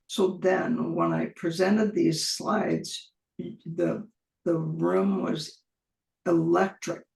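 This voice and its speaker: A woman guest in an interview, telling an animated story and acting out the dialogue she recounts. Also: fairly low pitch, creaky. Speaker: guest, clinician and researcher. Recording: roomy echo.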